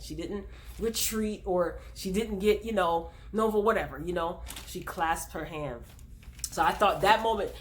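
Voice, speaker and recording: Woman vlogger, lowish voice, chatty recap host who speaks directly to viewers. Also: fairly bright tone. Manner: chatty, retells scenes with many fillers. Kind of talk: casual episode recap.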